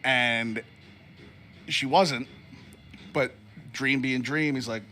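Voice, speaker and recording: A man, a former wrestler, telling anecdotes in a casual studio chat, animated and acting out the other people in his stories. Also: mid-range voice, drawn-out words, a little hiss or hum. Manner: animated, acts out voices in anecdotes, lots of fillers. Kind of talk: casual storytelling.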